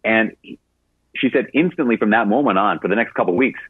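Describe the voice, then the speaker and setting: A man's voice: fairly low pitch, quick pace, breathy edge, no echo. A man, a Catholic priest, answering a caller on a radio show and telling stories in a conversational way, with many fillers. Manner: conversational storytelling with frequent fillers. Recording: narrowband radio broadcast sound.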